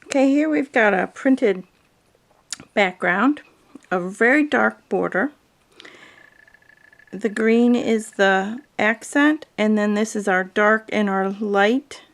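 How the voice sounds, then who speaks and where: A woman with a mid-range voice and a gravelly, fry-tinged edge narrates a quilting lesson. She talks through her fabric choices calmly and plainly, one item at a time, like a patient instructor. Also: mid-range voice, slow, long pauses. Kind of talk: video tutorial narration.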